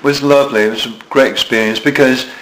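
A man's voice: mid-range voice, fairly even intonation, quick pace, fairly bright tone. A Scottish man in his seventies telling self-mocking anecdotes in an interview, with frequent restarts. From Scotland. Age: 70s. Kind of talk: storytelling interview. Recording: echoey room with faint noise.

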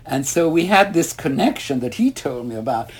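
An older man with a husky voice, recalling his past in a long interview. He tells his stories in a lively way, slipping into the voices of the people he quotes and breaking into laughter. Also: a little high, moderate pace. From Ireland. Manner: animated, acts out quoted voices, laughs often. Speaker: interview guest. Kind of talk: reminiscing storytelling.

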